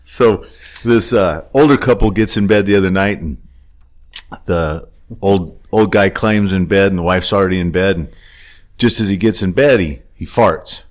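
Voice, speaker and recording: A man co-hosting a casual podcast, telling a long joke story in an animated way. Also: low voice, moderate pace. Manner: animated storyteller, laughs at own jokes. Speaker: podcast co-host. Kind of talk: casual chat.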